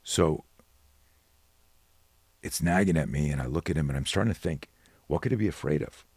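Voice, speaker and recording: A middle-aged man with a very deep, husky voice tells stories as a podcast guest. He is animated and slips into other people's voices as he acts out the dialogue. The recording is dry and close. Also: moderate pace, no room sound. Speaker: guest, self-defense expert. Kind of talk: storytelling in a podcast interview.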